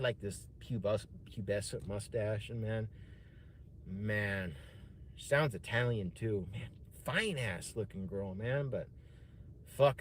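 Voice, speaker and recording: A man's voice: on the low side, a little hiss or hum. A man streaming, telling a personal story in a casual, rambling way, swearing often and saying "man" and "dude" a lot.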